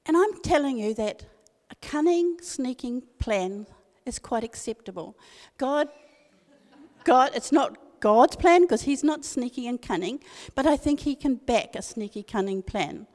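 A woman's voice: high voice, expressive, measured pace, a little mellow. Earnest older New woman preaching. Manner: earnest, emphatic, repeats key phrases. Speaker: speaker at a women's church meeting. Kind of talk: devotional talk with personal story. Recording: long reverb of a hall.

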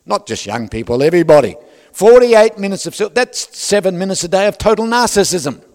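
A man's voice: high-pitched, lively intonation, a little fast, darkish tone. A man preaching a sermon, conversational with joking asides to the congregation. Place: large church hall. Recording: long reverb of a large hall.

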